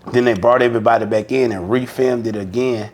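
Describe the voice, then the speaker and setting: A man from Mobile with a Southern Alabama accent, guest on a podcast, telling a story in a casual, animated way and acting out the quotes with profane slang. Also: medium pitch, fast talker.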